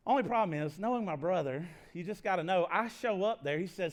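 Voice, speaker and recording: A pastor in his thirties, speaking with a fairly high voice in a chatty, folksy sermon. He tells stories in a self-deprecating way, with frequent laughs and restarts. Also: animated, moderate pace, long pauses. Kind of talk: conversational sermon storytelling.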